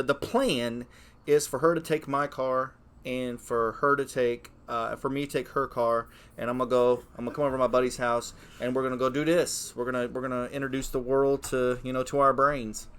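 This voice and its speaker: A man in his late thirties co-hosting a podcast, telling stories in a casual, profane, animated way. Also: mid-range voice, normal speed, smooth. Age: 30s. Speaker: podcast co-host. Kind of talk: casual chat.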